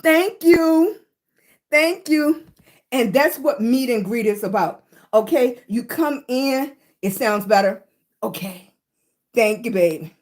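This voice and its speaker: High-pitched lady on a livestream, kinda out of breath, laughing and thanking viewers by name. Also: lively intonation, slow pace. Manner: laughs often, greets viewers by name, breathy between phrases. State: short of breath. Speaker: livestream host. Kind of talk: casual livestream chat with viewers.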